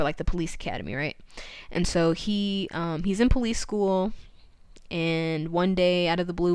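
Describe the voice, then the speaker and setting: A woman podcast host casually retelling a novel's plot, jumping into quick voiced quotes of the characters. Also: lowish voice, clean tone, dry recording. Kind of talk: casual book recap.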